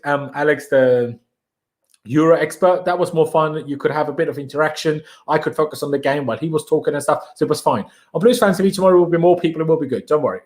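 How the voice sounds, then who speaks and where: Upbeat young Austrian man hosting a live stream. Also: a little high. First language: German. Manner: energetic, slangy, hypes viewers. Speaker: livestream host. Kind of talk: casual live-stream chat reading viewer comments.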